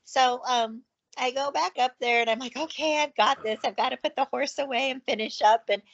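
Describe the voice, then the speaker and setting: A fairly high-voiced woman tells her ranch stories in a rush of ums and excited asides. She sounds like a guest on a call, and the audio is dull and lo-fi. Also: brisk, gravelly. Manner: chatty, excitable storyteller with many fillers. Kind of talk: casual chat.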